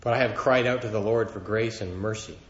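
A man's voice: fairly low pitch, a little fast, echoey room, muffled recording, a little hiss or hum. A man preaching a sermon to a congregation, earnest and building emphasis as he quotes scripture. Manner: earnest, rising in emphasis when quoting scripture.

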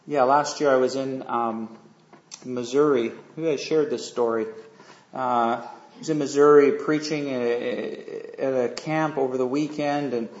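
A man preaching a sermon in a casual, conversational way, telling a story and often asking the listeners questions. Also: mid-range voice. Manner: conversational, asks the audience questions, many fillers. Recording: echoey room, dull lo-fi sound.

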